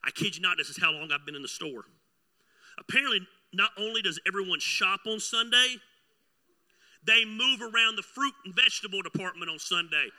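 Guy preaching, kinda high pitched, goes loud then quiet telling his story. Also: fairly quick. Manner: animated storytelling, swings from loud to hushed. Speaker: pastor. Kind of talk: sermon with personal story.

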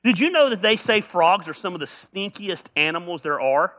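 A male pastor preaching a sermon, telling stories with humor and building up to shouts. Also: high-pitched, lively intonation, moderate pace.

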